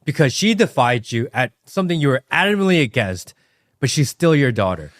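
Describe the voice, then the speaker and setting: Male podcast host, casual chat, reflective counterpoints, expressive intonation. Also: medium pitch, brisk.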